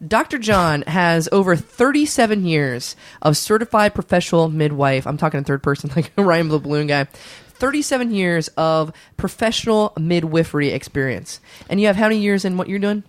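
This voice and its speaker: A man's voice: a little high, expressive, moderate pace, no room sound, lightly acted. A man improvising as Doctor John, a goofy, self-important male midwife who hosts a comedy podcast and keeps rambling off topic. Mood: giggly. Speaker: host.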